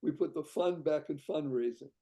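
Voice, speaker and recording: A man's voice: a little high, moderate pace, vocal fry, dark tone. A man from Boston, a guest on an interview show, talking up his fundraising idea with exuberant, salesy enthusiasm and frequent laughs. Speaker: guest, founder of a charity fundraising site.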